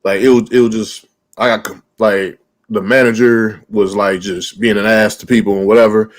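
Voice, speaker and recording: A man's voice: lowish voice, level tone, moderate pace. A man hosting a podcast, chatting casually and telling a story with lots of fillers and cursing. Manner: loose, profane, lots of "like" fillers. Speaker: podcast host.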